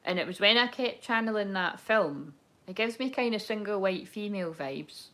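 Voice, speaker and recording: A woman doing a relaxed tarot reading, with a voice pitched in the middle for a woman. She rambles and circles back on her thoughts, swearing without a second thought. It all sounds loose and unscripted. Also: normal speed. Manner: rambling, candid, swears and laughs often. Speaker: tarot card reader. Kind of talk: casual spoken tarot reading.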